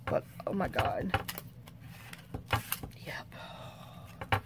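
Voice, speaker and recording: A woman's voice: very slow, noisy background. A middle-aged woman, hosting a chatty crafting tutorial at her craft table and rambling off on folksy, self-mocking tangents.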